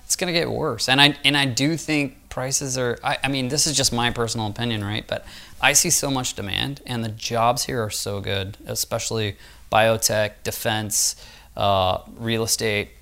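A podcast host in casual conversation, giving quick upbeat opinions. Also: mid-range voice, fairly even intonation, creaky, pushed and bright.

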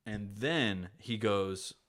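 A young man with a low voice talks through his solo podcast in a loose, rambling way, swearing often and leaning on fillers. The sound is close and dry, with no room around it. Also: drawn-out words, no room sound. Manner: profane, rambling, animated with many fillers. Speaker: podcast host; stand-up comedian. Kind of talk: casual solo podcast chat. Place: home room.

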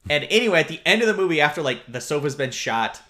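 A man's voice: fairly high pitch, sing-song, quick pace, sharp tone. Male co-host, loose and profane, rambles through movie recaps. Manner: rambling, profane, laughing retelling. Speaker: podcast co-host. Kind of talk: casual movie review chat.

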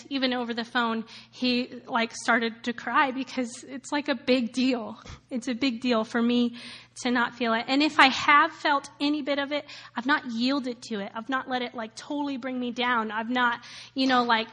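A high-pitched woman in her thirties shares a personal testimony in a loose, chatty way. She fills her story with "like" and "um", laughs often, and acts out the people she met. Her voice sits bright and light above most women's. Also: moderate pace. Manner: animated, many fillers and laughs, acts out quoted voices. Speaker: speaker sharing a personal testimony.

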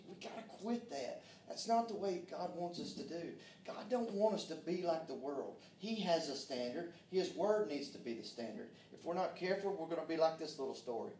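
A fervent preacher, a man whose fairly high voice rings out in an echoey room, recorded from a distant mic. He calls out amens and sometimes drops to a hush, with faint ambience behind. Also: slight background noise. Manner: fervent, calls out amen, drops to hushed tones. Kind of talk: sermon.

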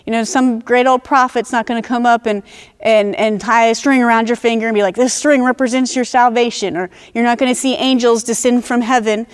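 A woman with a fairly high voice preaches a sermon. She talks in an earnest teaching way and slows down to stress the phrases that matter most. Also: fairly even intonation, smooth.

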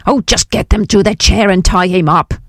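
A woman voicing a huge, gruff old male camp patriarch with a gravelly Mancunian accent, impatient and grumbling, in an audiobook reading. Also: mid-range voice, normal speed, no echo, studio quality, voice pushed up, natural voice.

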